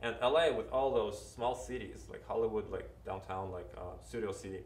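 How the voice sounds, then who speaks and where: A man with a Ukrainian accent speaks in a fairly low voice, earnest and advising as he restarts his sentences. He sounds a little away from the mic in an echoey room. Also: brisk, distant mic. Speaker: interview guest, actor. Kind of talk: casual interview talk.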